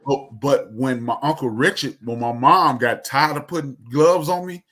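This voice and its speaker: A man co-hosting a casual review chat, an animated storyteller who acts out voices. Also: medium pitch, moderate pace. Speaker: podcast co-host.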